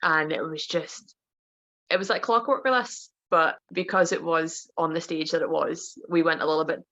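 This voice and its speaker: A woman's voice: low-pitched, fairly even intonation, moderate pace, sharp tone, lo-fi sound. A woman wrestler, a podcast guest, telling stories in casual chat and laughing often.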